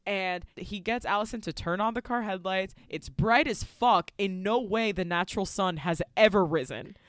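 A woman podcast co-host recapping a movie in a casual, profane, animated storytelling style. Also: mid-range voice, moderate pace, no echo.

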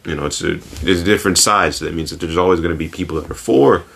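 A man with a very low, deep voice hosts a laid-back podcast chat. He rambles and restarts his thoughts, talking casually and loosely. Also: quick pace, vocal fry, a bit bright. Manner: rambling, many fillers and restarts. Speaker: podcast host.

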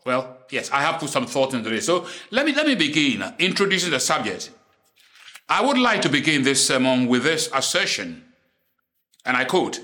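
A man preaching a sermon in English, which is not his first language. He is deliberate and repeats key lines for emphasis. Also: medium pitch, big pitch swings, pushed and bright.

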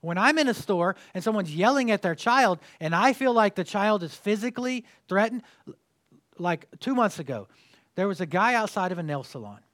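A man preaching a sermon to a congregation, conversational and jokey, telling stories with lively energy. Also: sits high, normal speed. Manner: conversational, jokey, animated storytelling. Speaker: pastor. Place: church sanctuary with congregation.

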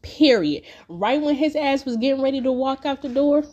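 A young woman, telling a personal story on her podcast in a profane, animated way. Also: high voice, normal speed, dull audio, slight background noise. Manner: profane, animated, acts out quotes loudly. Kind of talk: casual storytelling.

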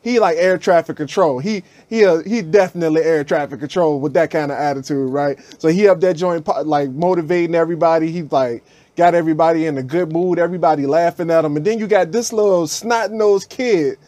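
A man's voice: a little high, brisk, no room sound. Slangy man telling a story, dry sound. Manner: animated, acts out quotes in raised voices, slangy. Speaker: podcast host. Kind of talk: casual storytelling chat.

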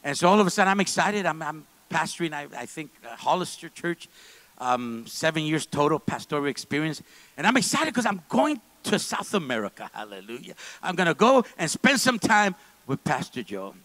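A man preaching a sermon in a church service, moving between quiet, low asides and loud, fervent stretches. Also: very animated, brisk, no room sound, poor audio. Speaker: pastor.

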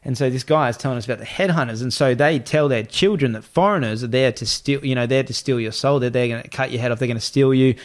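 A man telling a travel story in casual chat, animated, acting out the voices of the people in it and swearing freely. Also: medium pitch, fast talker, few pauses.

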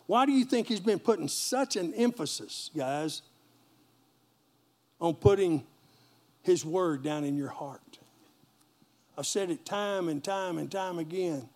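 A man's voice: high-pitched, darkish tone. A man pastor, preaching a sermon in a folksy call-and-response manner and joking with the congregation.

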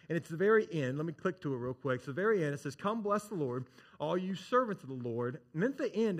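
A man preaching a sermon to a congregation. He is emphatic, repeats his key phrases and asks rhetorical questions. His voice sits a bit higher than most men's. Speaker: pastor.

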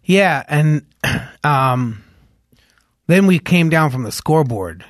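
A man from Los Angeles, a guest musician, chatting in an interview and telling stories in an animated way with many "like"s. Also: on the high side, slow pace, no echo, clean studio sound. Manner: animated storyteller, heavy on "like", hums tunes aloud. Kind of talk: casual interview chat.

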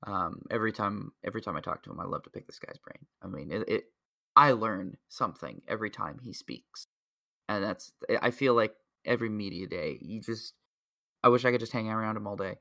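A man co-hosting a podcast, chatting casually in a rambling way with lots of filler words and excited laughter. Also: on the low side, fairly quick, gravelly, no echo, clean studio sound. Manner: excitable, laughs at own jokes. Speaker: podcast co-host. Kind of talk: casual chat.

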